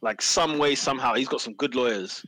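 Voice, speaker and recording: A man's voice: medium pitch, a little fast, poor audio. A young man, teasing and laughing through casual football banter as a podcast co-host. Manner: laughs often, loud and teasing.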